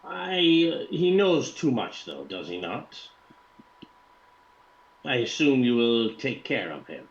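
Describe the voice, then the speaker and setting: A man voicing a formal, cold employer who hires thieves and speaks in measured, stiff sentences without contractions. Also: medium pitch, big pitch swings, vocal fry, lo-fi sound, exaggerated voice. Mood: calm.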